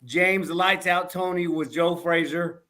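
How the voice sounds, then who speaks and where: A man co-hosting a podcast with a high, bright, forceful voice. He asks his questions with enthusiasm and laughs along with his guest. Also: fairly even intonation, unhurried. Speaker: podcast co-host. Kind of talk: podcast interview, casual chat.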